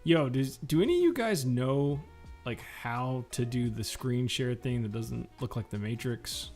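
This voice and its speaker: A man's voice: mid-range voice, expressive, measured pace, a little mellow, faint music behind. Rambling, profane young-sounding man streaming casually. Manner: rambling and profane, lots of fillers. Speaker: comic artist streaming while drawing. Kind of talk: casual live-stream chat.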